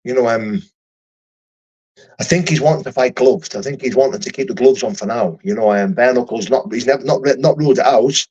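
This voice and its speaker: A man's voice: medium pitch, a little fast, darkish tone, slightly rough, dull audio. A young man who fights for a living, chatting casually on a livestream and answering viewer comments in a rambling, profane way with lots of restarts. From United Kingdom.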